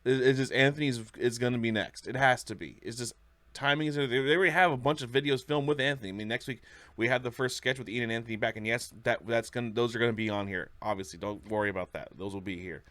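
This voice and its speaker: A man's voice: mid-range voice, fast talker, fairly bright tone, no room sound. A man hosting a reaction video, chatting casually in an enthusiastic, rambling way. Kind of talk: casual chat.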